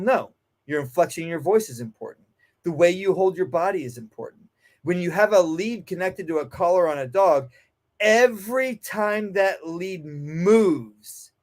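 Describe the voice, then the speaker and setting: A man who trains dogs, talking casually in an interview and acting out nervous and calm voices as examples. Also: a little high. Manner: animated, acts out anxious and calm voices to make a point. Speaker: dog trainer.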